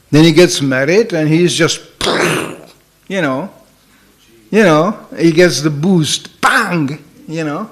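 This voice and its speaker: A spiritual teacher, an older man with a voice on the high side, tells his sermon through humorous stories at a slow pace. The delivery is conversational, sprinkled with "you know," and he laughs at his own stories.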